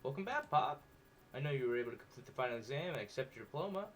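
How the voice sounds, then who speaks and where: A man's voice: mid-range voice, animated, rapid-fire, a bit bright, a little hiss or hum, lightly acted. A man voicing a smug male school dean with a formal, announcing manner.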